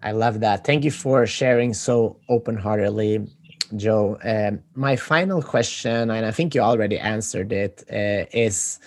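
A man hosting an interview over a video call, asking friendly, halting questions with fillers. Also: on the low side. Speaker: podcast host.

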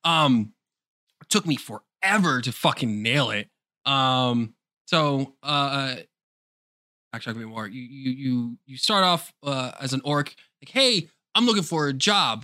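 A man co-hosting a podcast in casual chat, animated, laughing often and swearing freely. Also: medium pitch, a little slow, no room sound, studio quality. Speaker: podcast co-host.

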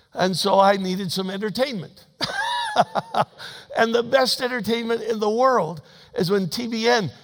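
A man with a high-pitched voice delivers a sermon in a folksy, humorous storytelling manner. He swings between emphatic, raised declarations and quiet asides. Each phrase trails off into the long reverb of a large church sanctuary. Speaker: pastor.

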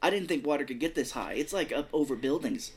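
A man's voice: fairly high pitch, lively intonation, fast talker, husky. A man with a Midwestern American accent, co-hosting a podcast and reviewing a movie in casual, rambling, self-deprecating chat. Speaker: podcast co-host.

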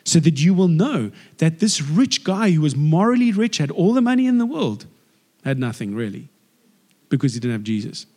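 Male preacher, animated and chatty, slightly high voice, reverberant church hall. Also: normal speed. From South Africa. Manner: lively, acts out the people in the story. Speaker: guest preacher. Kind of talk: conversational sermon.

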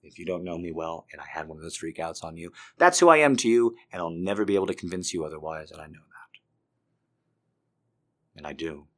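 A man giving an intense confessional monologue, swinging between hushed and loud. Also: low voice, lively intonation, quick pace.

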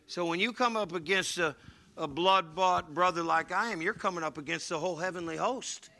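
Fervent high-voiced male pastor preaching. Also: brisk, gravelly. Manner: fervent, rising to shouts and dropping to hushed asides. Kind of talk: sermon.

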